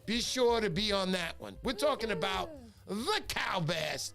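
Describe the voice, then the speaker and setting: High-pitched guy hosting a fishing livestream, lively storyteller, faint music in the back. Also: a little slow, creaky. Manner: animated storyteller, shouts out viewers. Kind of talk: casual livestream chat.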